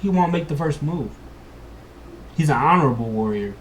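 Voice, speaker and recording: A man tells a fantasy adventure as a dungeon master, in casual slang with a dramatic storyteller's pull. His pitch rises and falls in lively swings. A faint hum of noise sits under the voice. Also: normal speed. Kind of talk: improvised fantasy narration for a vlog.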